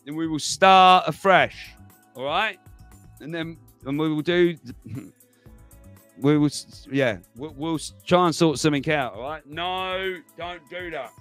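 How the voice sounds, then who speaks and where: A man's voice: a little high, measured pace, soft background music. A man hosting a livestream, chatting casually to viewers, rambling and laughing as he goes. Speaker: livestream host.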